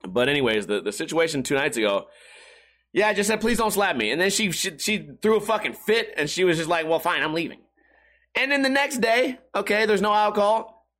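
A man's voice: sits high, brisk, fairly bright tone. A man hosting a casual live-streamed podcast, rambling, profane and self-mocking. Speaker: podcast host.

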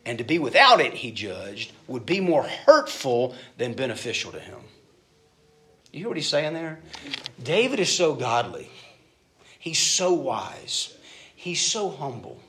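A middle-aged man preaching a sermon, telling stories and shifting between loud emphatic bursts and soft asides. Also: mid-range voice, huge pitch swings, moderate pace. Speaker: pastor.

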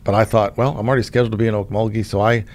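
A middle-aged man from Oklahoma hosts a conversation as the state insurance commissioner and tells a story in a relaxed way, often restarting his sentences. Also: lowish voice, very fast. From Oklahoma, USA. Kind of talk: casual conversational interview.

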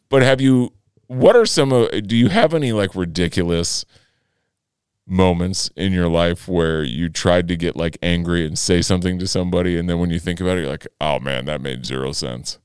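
A middle-aged man co-hosting a podcast, telling an animated story in casual chat and laughing at his own tale. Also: sits low, moderate pace, clean tone, dry recording, studio quality. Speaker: podcast co-host.

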